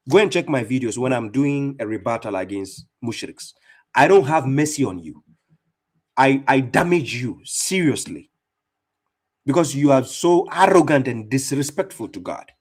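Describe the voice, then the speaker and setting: A man giving fierce, mocking religious commentary as an Islamic debater and streamer, speaking with heavy emphasis. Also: medium pitch.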